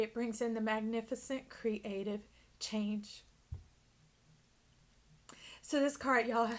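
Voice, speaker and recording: A woman with a somewhat high voice leads an intuitive tarot reading. She speaks effusively and emphatically, addressing the listener directly. Now and then she drops into a hushed whisper. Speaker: tarot reader.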